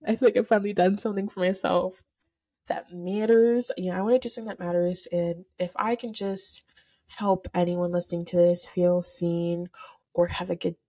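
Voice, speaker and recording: A woman's voice: fairly low pitch, level tone, moderate pace, mellow. Giggly, emotional teen podcast girl. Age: teens. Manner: giggly, gushing, rambling with many "like"s. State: emotional, near tears. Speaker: podcast host. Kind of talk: casual solo podcast chat. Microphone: camera setup for filming.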